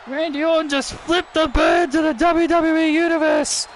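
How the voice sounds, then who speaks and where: A man doing excited play-by-play wrestling commentary over a video game, often shouting and repeating himself. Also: very high-pitched, moderate pace, hardly any pauses, a crowd in the background, background noise.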